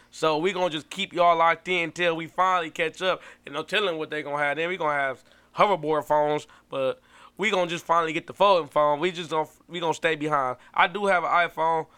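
Dude on a podcast, slangy and chill, lots of laughs, bright smooth voice, kinda high. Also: male voice, fairly even intonation, fast talker. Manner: laid-back slangy storytelling, laughs often. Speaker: podcast co-host. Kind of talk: casual chat.

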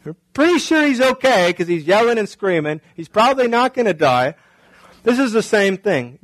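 A man's voice: high voice, sing-song, normal speed, fairly bright tone, dry recording, low-quality recording. A male pastor preaching a sermon in a conversational way, often asking the congregation rhetorical questions.

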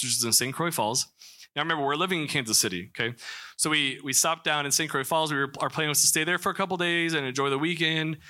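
A man's voice: mid-range voice, pushed and bright. A young man from Missouri telling a candid personal story to a church congregation, with many restarts and fillers. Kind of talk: personal testimony in a church talk.

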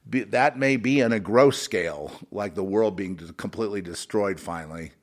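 A man's voice: lowish voice, normal speed. A man talking in an emotional, rambling monologue, full of fillers and restarts, swinging between raised and muttered lines.

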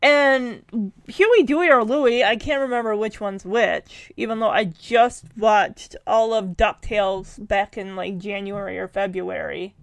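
A woman casually retelling a cartoon episode in a chatty, animated way, peppering her talk with "like". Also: mid-range voice, measured pace, gravelly, no room sound.

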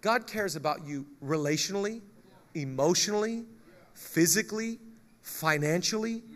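A male pastor preaching a lively sermon, joking with the congregation and reading scripture aloud. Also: sits high, moderate pace.

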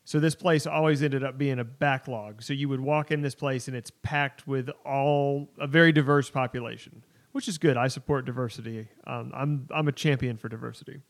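Animated storytelling man on a podcast. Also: medium pitch, moderate pace, hardly any pauses. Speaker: podcast co-host. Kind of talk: casual chat, storytelling.

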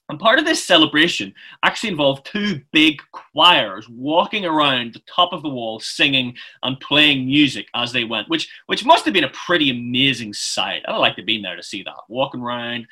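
A man's voice: a little high, bright, forceful tone, slightly rough. A man giving a chatty, informal sermon, often restarting his phrases. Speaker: preacher.

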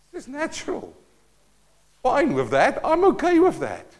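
A man in his fifties with a South African accent, preaching a sermon with passion, swinging between loud declarations and hushed asides. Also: very high voice, wildly swooping pitch, a little slow, gravelly. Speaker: pastor.

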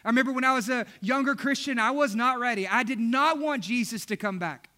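High, bright-voiced male pastor. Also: brisk. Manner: storytelling with acted-out quotes and laughs. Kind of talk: sermon.

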